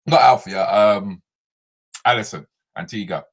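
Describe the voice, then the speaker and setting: Low husky guy on his morning stream, laughing, reading out comments. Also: a little slow. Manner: chatty, laughing, talks back to commenters. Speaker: live stream host. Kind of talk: casual chat reading out viewer comments.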